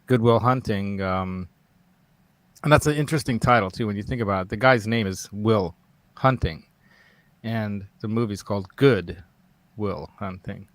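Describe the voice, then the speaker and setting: A man's voice: lowish voice, moderate pace, pauses often, no echo. A man hosting a casual live talk show, rambling and digressive and laughing often. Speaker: host. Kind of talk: casual livestream chat.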